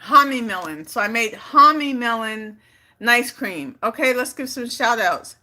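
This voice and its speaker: A woman from California hosts a casual live stream, talking loosely and playfully. Her voice is bright and sits a touch high, and she keeps the chat easygoing and talkative. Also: animated, unhurried. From California, Bay Area. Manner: chatty, playful, reads comments aloud. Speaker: vlogger on a livestream.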